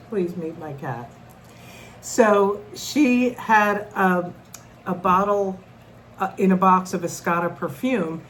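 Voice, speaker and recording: A woman's voice: mid-range voice, a little hiss or hum, rough recording. A middle-aged woman telling a personal story to camera in an earnest, conversational way, often restarting her sentences. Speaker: vlogger.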